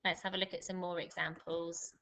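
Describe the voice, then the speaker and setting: A woman teaching a recorded spelling lesson to young children, with a patient, deliberate way of explaining. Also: fairly low pitch, flat delivery, a bit bright, a little hiss or hum, rough recording. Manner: slow, deliberate dictation with clear emphasis. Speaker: primary school teacher.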